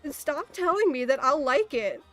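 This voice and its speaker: A woman's voice: high voice, sing-song, moderate pace, fairly bright tone, soft background music. A young woman in a casual, exasperated ranting monologue, swearing often and laughing in disbelief. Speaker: streamer.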